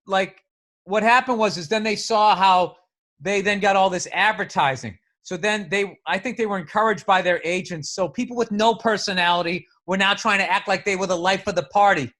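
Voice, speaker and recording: A podcast co-host, a man, holds forth in casual chat, heated and profane. His voice sits high and sharp. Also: moderate pace.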